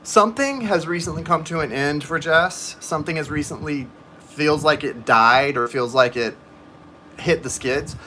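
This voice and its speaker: Guy doing tarot on a livestream, bright voice, rambly and chatty, faint hiss behind. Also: fairly high pitch, normal speed. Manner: chatty, rambling, talks to viewers in the chat. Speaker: tarot reader. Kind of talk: live-stream tarot reading chat.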